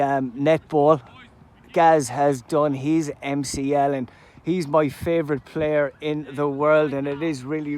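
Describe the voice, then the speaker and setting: A man giving live play-by-play commentary at an amateur football match outdoors, chatty between plays and loud at goals. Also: on the high side. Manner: chatty play-by-play, erupts loudly at goals and chances. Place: outdoors at a sports ground.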